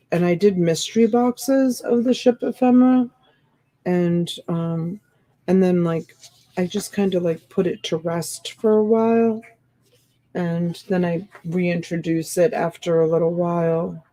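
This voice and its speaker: A woman's voice: fairly low pitch, fairly even intonation, unhurried, warm tone, rough recording. A woman hosting a live-stream sale, chatting casually and rambling as she comments, sleepy and yawning.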